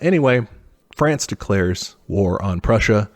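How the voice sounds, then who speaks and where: A man's voice: fairly low pitch, expressive, measured pace. Casual, swearing young man retelling history. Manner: loose and profane, slips into mock voices for historical figures. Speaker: podcast co-host.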